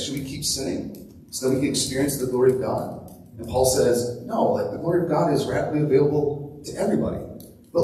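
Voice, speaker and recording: A man's voice: on the high side, darkish tone, slight background noise. Guy pastor, chill chatty sermon, says like a lot, super echoey hall, mic kinda far off. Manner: casual, chatty, filler-heavy with frequent "like" and "right?". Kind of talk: casual conversational sermon. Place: church hall.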